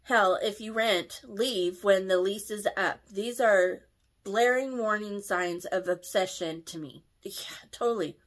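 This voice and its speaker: A woman's voice: medium pitch, a little slow. Woman reading aloud, emotional and stumbling. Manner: emotional, stumbles over words, reacts aloud. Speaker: host reading posts and comments. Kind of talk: casual reading with reactions.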